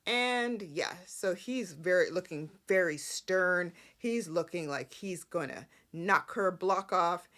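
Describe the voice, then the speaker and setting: A woman's voice: lowish voice, slow pace, few pauses, fairly bright tone. A woman hosting a soap opera recap podcast, chatty and opinionated, rambling through the plot with asides. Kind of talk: casual recap chat.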